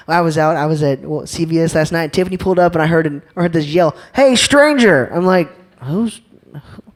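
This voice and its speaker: A young man gives an energetic church talk, throwing questions and jokes at the crowd. His voice sits a bit high for a man, and he keeps it bouncy and informal. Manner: lively, joking, asks the crowd questions. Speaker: youth speaker.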